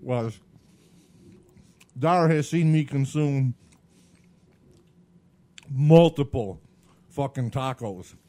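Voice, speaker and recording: A man co-hosts a casual podcast, chatting loosely and often talking with his mouth full. His voice sits at an ordinary middle pitch. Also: very slow, long pauses, warm tone. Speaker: podcast co-host. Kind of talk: casual chat while eating on a podcast.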